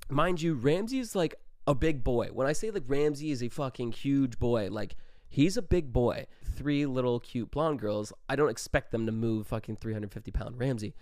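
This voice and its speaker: Young dude rambling a party story, lots of swearing, acts out the quotes, dry close mic. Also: male voice, medium pitch, moderate pace, no room sound. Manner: profane, animated, quotes everyone in his own voice. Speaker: podcast host. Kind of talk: casual storytelling.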